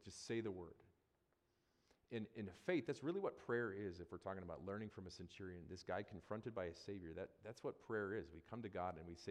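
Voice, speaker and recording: Pastor, male, deep voice, conversational sermon delivery that repeats phrases for emphasis, long hall reverb. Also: fairly quick.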